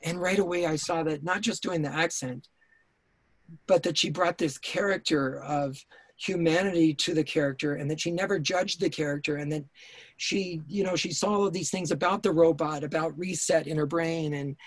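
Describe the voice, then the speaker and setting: Male guest, intense storyteller, a bit high-pitched, dry close sound, swears and restarts a lot, remote call. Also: steady tone, moderate pace, dry recording. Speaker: writer-director guest. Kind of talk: casual interview storytelling.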